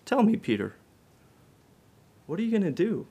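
A preacher man with a fairly high voice delivers a sermon. His delivery swells loud and then drops low and soft. He asks the listeners direct questions. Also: big pitch swings, moderate pace, slightly rough.

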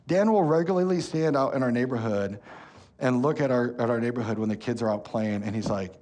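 A man, preaching a sermon as pastor, telling stories with lively energy and turning soft and slow when earnest. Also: mid-range voice. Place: church hall.

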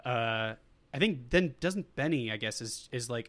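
A man's voice: medium pitch, expressive, a little slow, a bit bright. A man co-hosting a podcast, recapping a movie in a rambling, casual way with lots of fillers. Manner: rambling, full of fillers and quoted lines. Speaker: podcast co-host.

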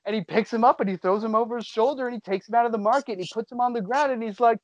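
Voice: medium pitch, very fast, no room sound. A podcast host giving a casual comedic recap of a show, incredulous and sarcastic, swearing freely. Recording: dull lo-fi recording.

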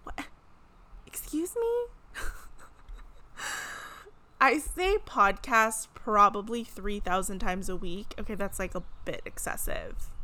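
A woman's voice: mid-range voice, bright, forceful tone. Chatty playful woman podcast host. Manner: chatty and playful, lots of "like" and laughs. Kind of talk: casual solo podcast chat.

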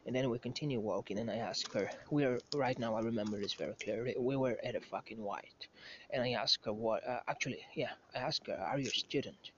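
A man's voice: mid-range voice, fairly quick, a little hiss or hum. A man in his thirties telling a rambling, profane anecdote as a podcast host, often correcting himself as he goes. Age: 30s. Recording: slightly muffled lo-fi recording.

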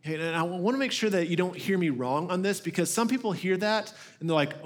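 A man with a fairly high, light voice preaches a sermon. He talks in a casual, conversational way and acts out the lines of the people in his stories. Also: fast talker, hardly any pauses. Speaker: lead pastor.

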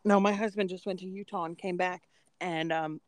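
A woman's voice: lowish voice, steady tone, moderate pace. A woman co-hosting a podcast, chatting casually and telling earnest, rambling stories with frequent ums. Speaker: podcast co-host.

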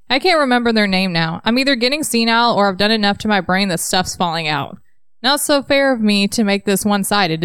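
A woman's voice: mid-range voice, fairly bright tone, smooth, no room sound, close to an everyday voice. A woman reading as Cole, a rambling young rocker. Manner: wry, self-mocking rambling. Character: young male rock musician, rueful and rambling. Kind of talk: reading voicemails aloud from a novel.

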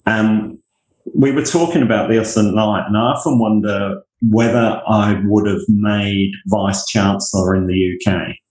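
Man, Northamptonshire accent, middle-aged, rambling self-deprecating storyteller, low voice. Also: fairly even intonation, measured pace, a little mellow, roomy sound, poor audio. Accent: Northamptonshire English. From England. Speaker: interview guest, university leader. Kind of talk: conversational interview.

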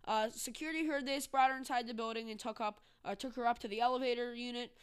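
Speaking fast with fairly even intonation, a woman in a slightly high, clean voice hosts a laid-back political commentary podcast. She rants sarcastically, mocking others through put-on voices.

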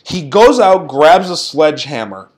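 A man's voice: fairly high pitch, sing-song, unhurried. A man co-hosting a podcast, recapping events in a sarcastic, incredulous rant. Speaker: podcast co-host. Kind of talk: casual recap commentary.

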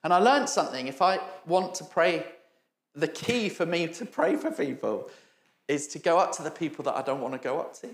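A man's voice: fairly high pitch, reverberant. A middle-aged man preaching a storytelling sermon, chatty and self-mocking and often laughing. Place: church hall.

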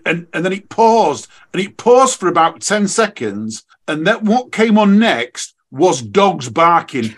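A man from the UK, a race director guest on a podcast, chatting casually and telling lively stories with plenty of ums. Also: high voice, unhurried, hardly any pauses. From United Kingdom. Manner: chatty storyteller, animated when excited, many fillers.

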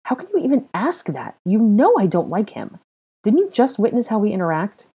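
A woman reading aloud, voicing a sharp, indignant young witch. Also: sits low, fast talker.

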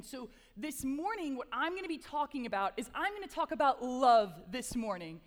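A woman's voice: sits high, very animated, moderate pace, hardly any pauses. Upbeat young woman preaching in a hall. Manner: chatty and upbeat, with playful asides. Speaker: chapel speaker, campus ministry assistant. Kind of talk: casual sermon with prayer. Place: large chapel hall. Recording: long hall reverb.

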